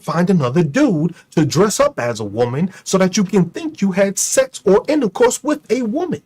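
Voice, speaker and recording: A man with a high voice that swoops all over his range, delivering a mocking, profane rant to his online audience. He fires off rhetorical questions and keeps laughing at his own jokes. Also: very animated, normal speed, hardly any pauses, darkish tone, husky. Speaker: streamer and commentator. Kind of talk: ranting commentary to an online audience.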